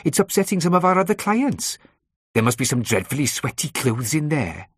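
A man's voice: fairly high pitch, sing-song, moderate pace, breathy edge, no echo, clean studio sound, voice pushed up. A man voicing a fussy female gym receptionist with a Welsh accent, in an audiobook reading. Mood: fretful. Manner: fussy, complaining.

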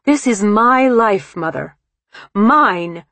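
A woman voicing a defiant young bride who speaks forcefully. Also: mid-range voice, animated, slow pace, no echo, pitched above the performer's own voice, exaggerated voice.

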